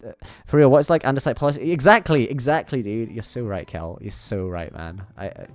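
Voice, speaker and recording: A man's voice: medium pitch, moderate pace, few pauses, no echo, soft background music. A young man streaming a game from his bedroom, chatting playfully and rambling to his viewers. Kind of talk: casual chat while gaming. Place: home bedroom.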